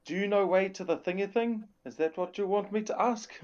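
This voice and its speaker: A man voicing a gruff male warrior who shouts clumsily in the giant tongue. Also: sits high, fairly quick, dull audio, pitched above the performer's own voice, close to an everyday voice. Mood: puzzled shouting.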